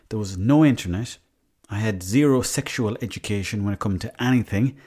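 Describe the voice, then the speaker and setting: An Irish man spins a rambling, self-mocking yarn for his podcast. He talks casually, with plenty of asides and the odd swear word, at an everyday mid-range pitch. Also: a little mellow. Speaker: podcast host. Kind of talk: casual storytelling monologue.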